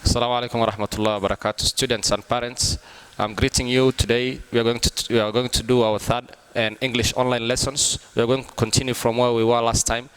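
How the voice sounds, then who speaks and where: A male English teacher gives an online lesson, walking through each rule patiently and restarting phrases as he goes. His mid-pitched voice rings out with a long reverb from a hard-walled room. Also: little pitch movement, quick pace, smooth. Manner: patient, repetitive step-by-step explaining with frequent restarts.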